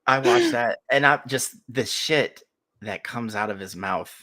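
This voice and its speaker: A man's voice: mid-range voice, measured pace, sharp tone. A man co-hosting a podcast in casual chat, telling stories with a lot of swearing and laughter. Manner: profane, laughing storyteller. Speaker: podcast co-host.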